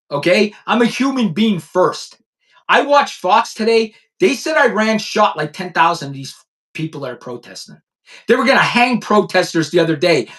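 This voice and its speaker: High, animated, profane ranting man. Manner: blunt, profane, repeats lines for emphasis. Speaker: host and former police chief. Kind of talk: ranting news commentary. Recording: voice a bit distant from the mic.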